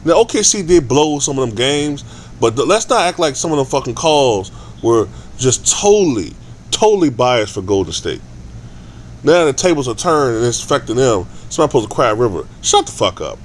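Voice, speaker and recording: A man's voice: medium pitch, sing-song, a little fast, a little hiss or hum. A man ranting casually in a vlog, profane and rambling, with stammered restarts. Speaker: sports vlogger.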